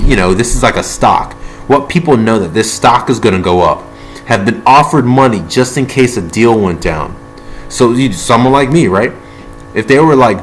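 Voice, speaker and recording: A man with a lowish voice talks in a heated, rambling rant. He repeats points, stops and restarts, and curses, with faint guitar music playing behind him. He speaks like a video blogger sounding off from his own workshop. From United States. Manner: heated, repetitive, restarts and asides, swears. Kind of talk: impassioned rambling monologue. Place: among his tools and toolboxes, like a workshop.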